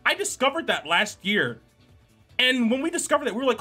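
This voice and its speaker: A man's voice: very high voice, big pitch swings, a little fast, pushed and bright, husky, faint music behind. A young man streaming, chatting casually, joking and reading chat aloud while editing art.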